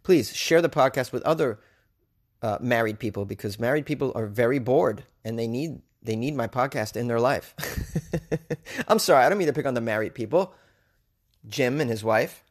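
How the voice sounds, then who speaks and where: Speaking fairly quickly in a medium-pitched voice, a comedian runs his own podcast alone. The chat is casual and joking, meandering and heavy on fillers.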